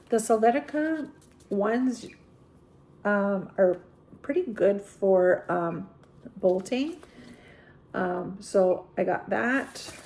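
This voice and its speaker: A woman from southern Italy talks through a seed haul in a loose, chatty way, often stopping to correct herself or fill gaps with an um. Her voice carries a steady gravelly fry at a middling pitch. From Apulia, Italy. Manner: chatty, rambling, self-correcting with frequent ums. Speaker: gardening vlogger. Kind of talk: casual seed-haul show-and-tell.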